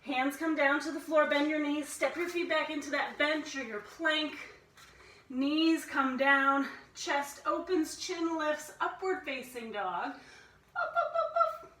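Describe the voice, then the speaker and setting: A woman's voice: high-pitched, a little slow, bright, forceful tone, reverberant, recorded from a distance, poor audio. A woman instructor guiding a family yoga class, playfully cueing breaths and inviting animal sounds.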